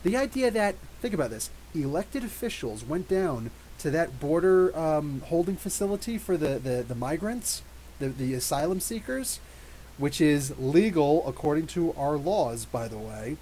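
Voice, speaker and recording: Man, 30s, live podcast host, rambling, animated, fairly high voice. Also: slight background noise, rough recording. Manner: animated, rambling, quick asides, laughs often. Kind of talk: live stream chat reading super chats.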